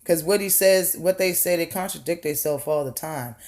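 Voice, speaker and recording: A woman's voice: on the low side, moderate pace, a little mellow. A woman vlogger ranting her opinion bluntly, swearing freely and firing off rhetorical questions, often repeating words for emphasis. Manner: blunt, profane, heated rant. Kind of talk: opinion rant vlog.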